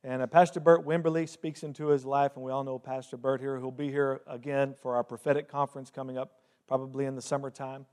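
A man's voice: medium pitch, level tone, fast, darkish tone. Chatty man introducing a guest pastor. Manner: chatty, with many fillers. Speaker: host pastor.

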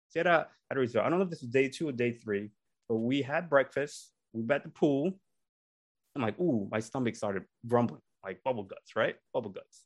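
A young man casually telling embarrassing stories on a podcast, animated and acting out the people in them. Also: mid-range voice, brisk. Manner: animated, acts out voices in his stories. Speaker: podcast co-host. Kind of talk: casual storytelling.

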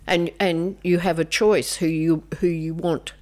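A woman's voice: on the low side, little pitch movement. An older woman, a nun and former educator, chatting as a podcast guest with many hesitations. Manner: slow, hesitant, with many ums and soft asides. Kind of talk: casual podcast chat.

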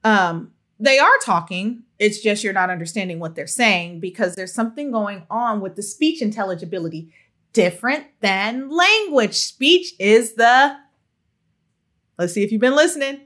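A woman's voice: medium pitch, normal speed. A woman giving child-speech advice to parents in a solo monologue, talking emphatically and affectionately straight to her listeners. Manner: expressive, emphatic, affectionate direct address.

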